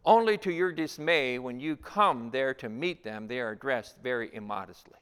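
A man preaching a sermon as pastor, repeating key lines and asking rhetorical questions, swinging between loud emphasis and hushed asides. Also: mid-range voice, normal speed, clean tone. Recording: long reverb of a large hall.

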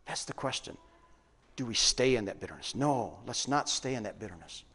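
Lively man preaching in an echoing hall. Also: fairly high pitch. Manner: lively, questioning the congregation. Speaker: pastor. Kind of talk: sermon. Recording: long reverb of a large hall.

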